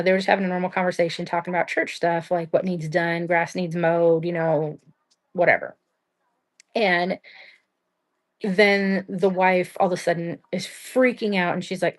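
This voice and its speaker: Young woman streamer, lowish voice, rambly and blunt, lots of "like", swears casually. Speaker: livestream host. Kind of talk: casual true-crime chat.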